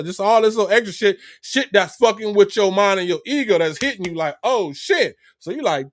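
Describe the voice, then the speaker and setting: A man's voice: high voice, expressive, a little fast, few pauses, no room sound, studio quality. A middle-aged man hosting a casual livestream, preaching in street talk and acting out both sides of a conversation. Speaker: livestream host.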